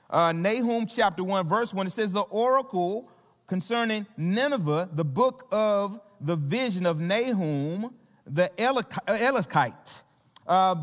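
The big-room sound of a church sanctuary surrounds a high-voiced man with a Southern American accent preaching as a visiting pastor. He keeps it conversational and playful with the congregation, restarting often and leaning on fillers.

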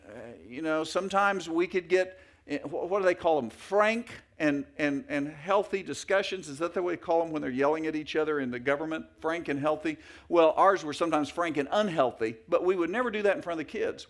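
A middle-aged male pastor preaching a sermon in a folksy, anecdotal way with many fillers and restarts. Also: fairly high pitch.

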